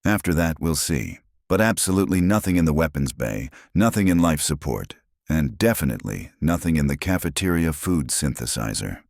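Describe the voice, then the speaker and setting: A man's voice: extremely low pitch, expressive, moderate pace, vocal fry, a little mellow, no room sound, studio quality, heavily acted. A man voicing a practical human mother engineer. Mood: dry.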